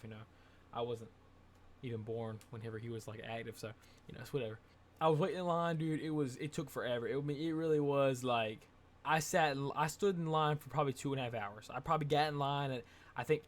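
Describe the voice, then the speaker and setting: A young man telling a casual, rambling vlog story, excitable and full of filler words. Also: mid-range voice. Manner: excitable, rambling, says dude and like a lot. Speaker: vlogger.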